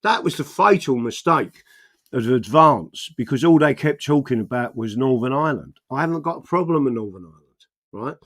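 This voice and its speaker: A middle-aged man hosting a casual political livestream, rambling between animated bursts and muttering while he works his screen and reads viewer comments. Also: medium pitch, moderate pace.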